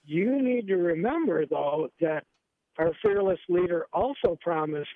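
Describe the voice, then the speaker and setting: A man's voice: high-pitched, lively intonation, unhurried, no echo. A man calling in to a talk radio show, hesitant and sarcastic. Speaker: caller. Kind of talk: phone-in call to a talk show. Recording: tinny phone line.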